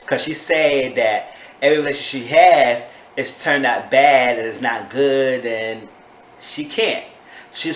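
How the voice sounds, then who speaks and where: Chatty man recapping in an echoey room. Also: fairly bright tone. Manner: gossipy, exclaims in sudden high-pitched disbelief. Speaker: TV show reviewer. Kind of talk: casual chatty recap vlog. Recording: echoey room with faint background noise.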